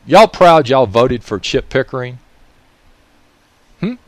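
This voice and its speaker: A heated Southern man from Mississippi speaks in an ordinary mid-range voice, berating his audience with one pointed question after another. He shouts often and does not watch his language. The sound is close and dry, with no room around it. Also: mid-range voice, animated, slow, no room sound. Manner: raises his voice, scolds listeners with repeated questions; uses profanity. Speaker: political commentator. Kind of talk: angry political monologue.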